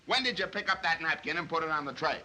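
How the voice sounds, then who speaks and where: A brash wisecracking police inspector. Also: male voice, on the high side, animated, quick pace, pushed and bright, slight background noise, rough recording. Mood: gruff. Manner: gruff, wisecracking, barking orders. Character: brash, impatient middle-aged male police inspector. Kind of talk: 1930s film acting.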